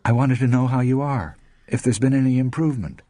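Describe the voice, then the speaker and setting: A man voicing an anxious, polite young woman in an audiobook reading, earnest and halting. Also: mid-range voice, warm tone, no echo, pitched above the performer's own voice, lightly acted.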